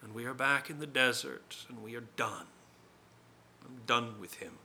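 A man's voice: medium pitch, a little slow, vocal fry, pushed and bright, slight background noise, heavily acted. A man performing a dramatic first-person monologue as a proud, bitter male spirit of accusation, scornful and declamatory.

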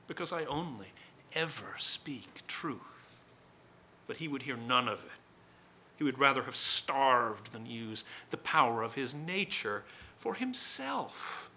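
A man's voice: mid-range voice, bright, forceful tone, a little hiss or hum, full character voice. A man performing a dramatic first-person monologue as a proud, bitter male spirit of accusation, scornful and declamatory.

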